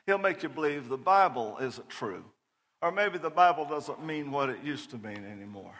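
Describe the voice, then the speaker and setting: A middle-aged man preaching a sermon, telling a personal story loudly and animatedly, often laughing. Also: mid-range voice, animated, normal speed, in a large hall. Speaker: pastor.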